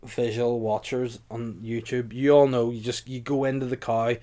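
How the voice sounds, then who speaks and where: A young man, hosting a casual comedy podcast. He tells absurd tall tales with a straight face and a steady, matter-of-fact delivery. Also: mid-range voice, normal speed. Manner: deadpan absurd storytelling. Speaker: podcast host.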